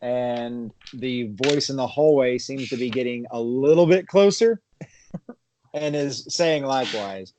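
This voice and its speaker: A man narrating a tabletop horror game as game master, halting and chuckling between his lines. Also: mid-range voice, mellow, slight background noise.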